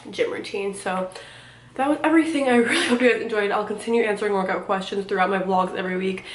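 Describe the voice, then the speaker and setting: Rambling young woman in an echoey room. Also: medium pitch. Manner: rambling, halting, filler-heavy. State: out of breath. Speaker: vlogger. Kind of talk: casual chat.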